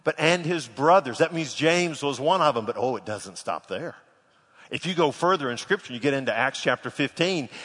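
Man, pastor, sermon, high lively voice, husky, long hall reverb. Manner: animated storyteller, laughs through the tale. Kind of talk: sermon with a funny personal story. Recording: long echo of a large hall.

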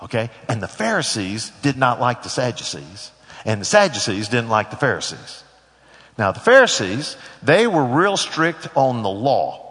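A man's voice: medium pitch, sing-song, normal speed, fairly bright tone. A middle-aged man preaching a sermon as pastor, folksy and conversational with joking asides. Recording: long hall reverb.

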